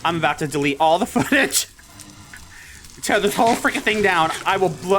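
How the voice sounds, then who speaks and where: A Minecraft let's-play creator gives live commentary on their own gameplay in a mid-range, fairly bright voice at a fairly quick pace. Exasperated, they scold the game's mobs directly and mutter mild curses at them.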